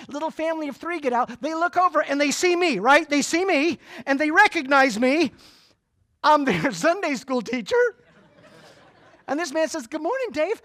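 A middle-aged man from Florida with a Southern US accent gives a humorous motivational speech to a live audience, telling folksy, animated stories. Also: very high voice. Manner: folksy, animated storytelling with jokes. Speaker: keynote speaker. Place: conference room before a live audience.

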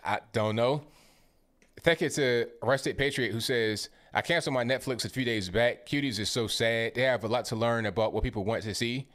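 A man's voice: mid-range voice, moderate pace, a bit bright. A man hosting a casual commentary livestream. He reads viewer comments aloud one by one and responds with blunt rhetorical questions and conversational slang. His delivery is informal and often stumbles into repeated words.

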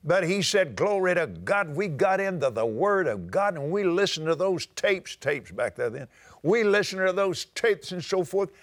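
An older man with a drawl preaches a sermon in a folksy, story-telling manner. His voice sits high for a man, and he now and then climbs into ringing shouts. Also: sing-song, moderate pace.

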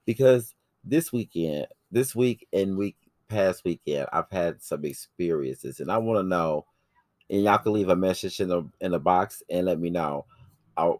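Very deep-voiced man, brash and profane. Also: moderate pace, no echo. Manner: brash, profane, animated storytelling. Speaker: podcast host. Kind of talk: casual chat.

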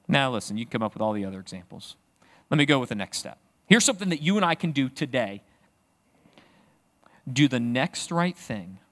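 A middle-aged man preaching a sermon in a conversational way, with joking asides and animated emphasis. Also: on the high side. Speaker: pastor.

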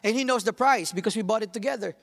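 Animated male pastor in a big hall. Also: high voice, fast talker, vocal fry. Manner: animated storytelling, acts out quotes. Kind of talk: sermon. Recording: long hall reverb.

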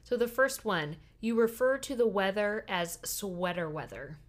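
A woman reading quiz statements aloud during a casual chat. She has a brisk, matter-of-fact delivery, and her voice sits at an ordinary middle pitch. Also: expressive. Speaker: co-host.

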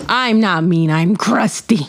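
A woman's voice: medium pitch, slow pace, a little hiss or hum. A middle-aged woman hosting a casual podcast chat, ranting bluntly and laughing often. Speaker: podcast host.

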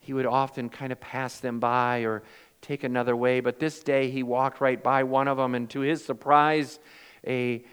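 A man's voice: medium pitch, level tone, normal speed, smooth, long reverb tail. Man preaching with dramatic volume swings. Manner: dramatic swings from loud emphasis to hushed near-whispers; acts out quoted voices in storytelling. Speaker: pastor. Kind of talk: sermon.

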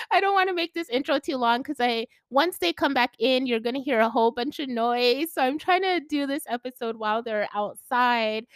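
At home, a woman with a high, fairly bright voice chats on her own solo podcast, gushing and giggling as she goes. Her loose, effusive talk is packed with "like" and "you guys," and the sound is dry and close with no room echo.

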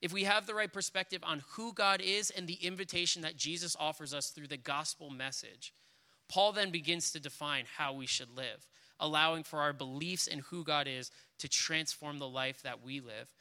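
Bright-voiced preacher in an echoing hall. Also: male voice, fairly high pitch, normal speed, clear, resonant tone. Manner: earnest, with frequent restarts while reading. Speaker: pastor. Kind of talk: sermon. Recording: reverberant hall.

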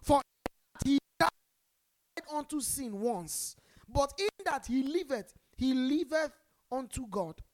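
A Nigerian woman preaching a sermon, calling on the congregation to respond and swinging between loud emphasis and quiet asides. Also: high voice, expressive, slow. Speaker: pastor.

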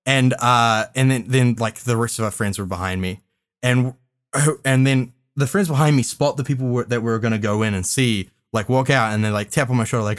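A young man rambles through an anecdote for his podcast friends, stumbling over restarts and fillers. His voice sits at an ordinary middle pitch and keeps a loose, chatty pace. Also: fairly even intonation, a little fast, clear, resonant tone. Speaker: podcast regular. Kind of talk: casual storytelling among friends.

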